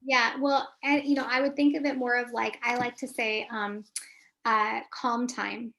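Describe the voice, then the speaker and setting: A woman with a raised pitch and a gravelly edge speaks as a family therapist in an online webinar. She gives practical advice in a coaching way and asks whether her answers help. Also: little pitch movement, unhurried, pushed and bright. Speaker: licensed marriage and family therapist, webinar guest.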